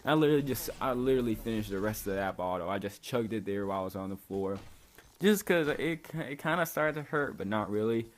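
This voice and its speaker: A man's voice: on the low side, lively intonation, a little fast. A young man casually telling a story on his vlog, laid-back, peppering his talk with "like" and swearing freely. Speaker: vlogger. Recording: faint background noise.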